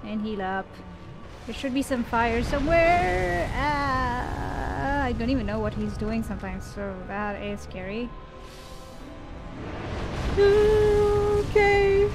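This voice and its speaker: A high-voiced woman gives unhurried commentary as she plays, chatting and laughing and talking straight to the enemy she is fighting. Game music plays clearly behind her. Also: expressive. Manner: chatty, laughs often, talks to the boss. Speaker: gaming video host. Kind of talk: live gameplay commentary.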